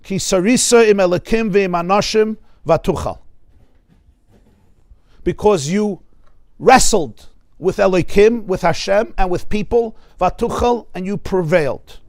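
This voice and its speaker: A man's voice: high voice, unhurried, studio quality. A man with a New York accent, a rabbi giving a Torah class in a study hall, emphatic and repeating words for stress.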